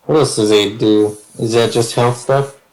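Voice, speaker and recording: A man's voice: mid-range voice, steady tone, a little slow, a little mellow, low-quality recording. A man playing a tabletop game over voice chat, rambling and hesitating as he thinks aloud. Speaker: player. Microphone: online voice chat.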